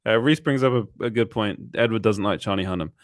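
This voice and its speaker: A man's voice: lowish voice, fairly quick, dry recording, studio quality. A man co-hosting a casual podcast chat, laughing often and giving blunt opinions. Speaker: podcast co-host.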